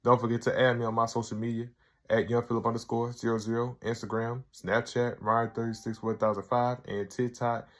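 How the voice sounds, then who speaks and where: A man's voice: medium pitch, flat delivery, a little fast. Casual man retelling a sketch show. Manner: loose retelling, full of "like" and "he's like". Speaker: show reviewer, channel host. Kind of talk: casual video review.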